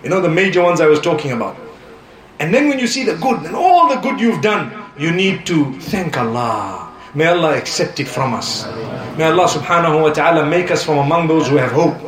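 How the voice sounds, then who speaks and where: A man with a high voice delivers a sermon in an echoey hall. He talks in an animated, humorous way, telling stories and mixing in Arabic phrases. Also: fairly quick, crowd noise. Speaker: preacher. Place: lecture hall on tour.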